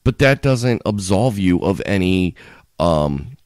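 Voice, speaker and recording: A low-pitched man talks through a casual podcast chat, his pitch leaping up and down as he rambles and restarts. The recording is dry and close. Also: slow, no echo. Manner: rambling, restarts often, animated. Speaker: podcast co-host.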